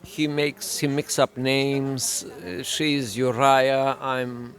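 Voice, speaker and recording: A man's voice: medium pitch, level tone, very slow, fairly bright tone. A man co-hosting a casual chat on a cafe terrace, joking and rambling. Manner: joking, rambling, switches into mock voices. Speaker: vlog co-host.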